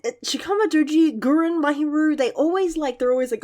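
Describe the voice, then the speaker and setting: A young woman reviewing a manga chapter in casual chat, gushing and giggling often, with lively asides. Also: sits high, fairly quick, few pauses.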